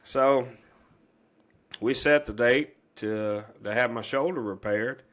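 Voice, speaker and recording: A man's voice: mid-range voice, slow. A middle-aged man, a podcast guest earnestly telling a long personal story, rambling with many fillers and restarts.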